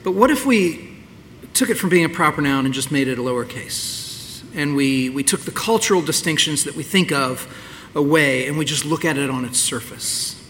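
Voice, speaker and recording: Bright-voiced male pastor in a reverberant hall. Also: on the high side, expressive, normal speed, slight background noise. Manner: candid, conversational preaching with restarts. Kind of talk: sermon. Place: church sanctuary.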